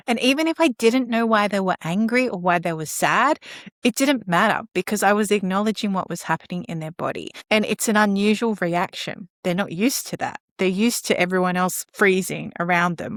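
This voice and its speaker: Woman, animated, mid-pitched voice, dry close sound. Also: moderate pace, dry recording. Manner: animated, acts out dialogue with children. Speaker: guest speaker on caregiving. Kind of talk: conversational podcast talk.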